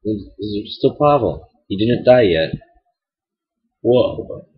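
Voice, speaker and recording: A man's voice: fairly low pitch, animated, slow. A man hosting a game let's play, stuffed up and nasal, rambling and apologetic with a wry edge. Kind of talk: casual game commentary. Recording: dull lo-fi home mic.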